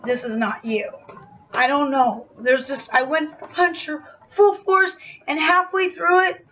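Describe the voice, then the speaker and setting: A young woman telling a personal story to camera in a casual, animated way, full of "like" and acted-out quotes. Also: high voice, muffled recording, a little hiss or hum. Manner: animated retelling, acts out quoted shouts, frequent "like" fillers.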